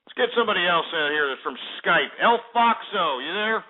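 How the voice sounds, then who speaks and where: A man hosting a call-in radio show, ranting loudly and hurling insults at callers. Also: high voice, animated, brisk, heavy background noise. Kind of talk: abrasive call-in radio talk. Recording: lo-fi phone-quality internet radio.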